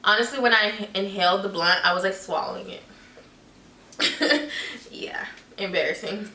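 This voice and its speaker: A young woman chatting loudly and playfully in a casual vlog. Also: mid-range voice, a little slow, pauses often, distant mic. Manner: loud, goofy and chatty. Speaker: vlogger. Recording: echoey room, off the mic.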